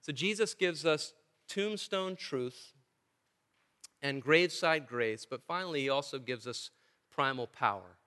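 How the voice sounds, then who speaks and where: A man's voice: on the high side, unhurried, sharp tone. A male pastor preaching a sermon in a church, earnest and emphatic, with touches of dry humor. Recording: long church reverb.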